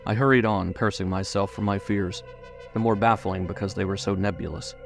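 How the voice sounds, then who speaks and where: A man narrating a horror audiobook in a measured, suspenseful way. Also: fairly low pitch, fairly even intonation, creaky, over music.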